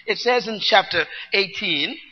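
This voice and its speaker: Man, preacher, teaching sermon, high voice, loud bursts and soft asides. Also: expressive, a little slow, muffled recording. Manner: teaching, asks the congregation to repeat and write words down.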